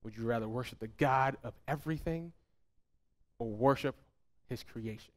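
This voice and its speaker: A man preaches a fervent, emphatic sermon as a pastor, repeating phrases and letting his voice drop soft and low at the end of each point. He speaks at a normal speed with long pauses.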